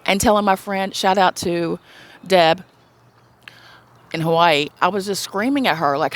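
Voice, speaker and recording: A woman giving a casual spiritual pep talk to her viewers. She is blunt and emphatic, swears freely, acts out the voices she quotes, and slows into soft, drawn-out blessings. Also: low-pitched. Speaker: spiritual self-love vlogger.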